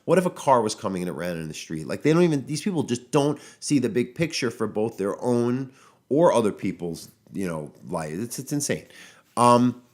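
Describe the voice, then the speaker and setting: A man's voice: mid-range voice, animated, moderate pace. A man hosting a podcast as a dog trainer, talking casually and getting exasperated, with many fillers and restarts. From United States. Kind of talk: casual solo podcast monologue. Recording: audio-only podcast.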